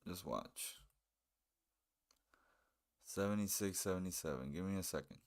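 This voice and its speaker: A man's voice: low-pitched, unhurried. A man hosting a live stream, chatting casually and commenting on a game, with a laid-back manner and a habit of repeating phrases.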